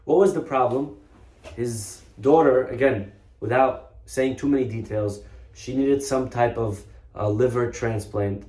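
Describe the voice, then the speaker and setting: Warm in tone, medium in pitch and a little slow, a man preaching as a rabbi tells stories earnestly and repeats himself for emphasis. The room echoes noticeably.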